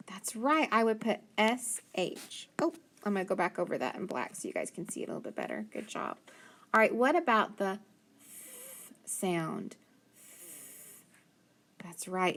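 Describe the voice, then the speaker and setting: Slow, gravelly-voiced woman teaching phonics. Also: mid-range voice. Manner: slow, clear, drawn-out letter sounds with steady praise. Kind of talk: phonics lesson for young children.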